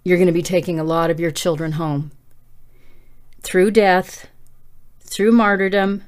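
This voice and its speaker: A middle-aged woman leading a passionate prayer and sermon, pleading and fervent, rising toward shouting. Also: lowish voice, steady tone, unhurried, clean tone. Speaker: preacher.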